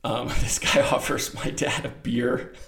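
A man's voice: mid-range voice, gravelly. Rambling middle-aged man telling a story. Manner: rambling, animated, acts out voices. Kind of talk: casual anecdote. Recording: roomy echo.

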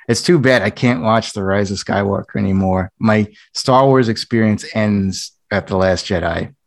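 Gravelly low-voiced man co-host. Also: no echo, studio quality. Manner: opinionated, rambling. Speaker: podcast co-host. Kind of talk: casual chat about films.

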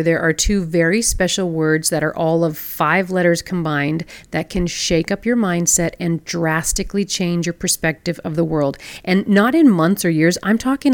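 A woman hosts a solo podcast. She talks to the listener as if face to face and keeps asking questions. Her voice sits a little low, and the close mic leaves it dry. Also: no echo. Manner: conversational, asks the listener questions. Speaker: podcast host.

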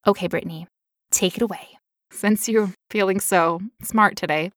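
A woman's voice: medium pitch, normal speed, a bit bright, dry recording. Tired woman in her 30s cohosting a podcast, jokey and playful, dead dry mic. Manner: jokey, playful, breaks into laughter. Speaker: podcast co-host. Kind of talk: casual podcast chat.

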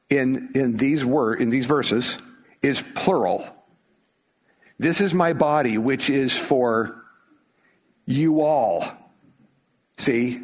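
With a medium-pitched voice carrying a breathy edge, a middle-aged pastor from the United States gives a sermon. He speaks conversationally yet emphatically and frequently starts his phrases over.

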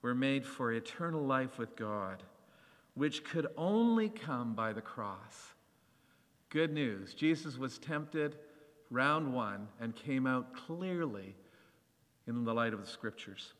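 A man preaching a sermon, animated and acting out the voices of scripture as he reads. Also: mid-range voice, slow, in a large hall.

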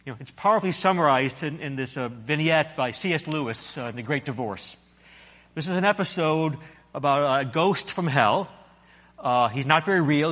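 A male preacher delivering a sermon with lively storytelling. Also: fairly high pitch. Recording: echoey hall.

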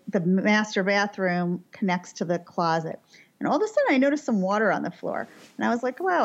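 A woman, a mother, telling a chaotic family story in casual chat, animated and dramatic, acting out the shouting. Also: mid-range voice, dull audio.

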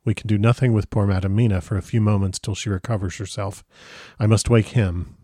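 A man voicing a calm elderly professor who speaks steadily and reassuringly. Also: lowish voice, fairly quick, no echo, clean studio sound, lightly acted. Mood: hushed.

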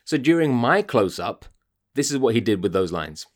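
A man's voice: medium pitch, big pitch swings, normal speed. Ranting, swearing man hosting a podcast. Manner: ranting, profane, exasperated. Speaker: podcast host. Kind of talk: podcast monologue.

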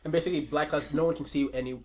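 A man running a tabletop game as game master, narrating scenes and asking for rolls, animated and laughing easily. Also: on the high side, racing. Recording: faint background noise.

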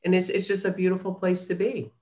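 A woman's voice: on the low side, flat delivery, brisk, dark tone. A woman publisher talking earnestly as a guest in an interview. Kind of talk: casual interview talk. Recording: roomy echo.

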